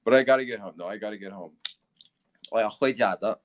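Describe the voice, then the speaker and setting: A man's voice: lowish voice, fast talker, a little hiss or hum. A man from Philadelphia hosting a casual livestream, answering his chat, laughing often and repeating himself. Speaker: livestream host.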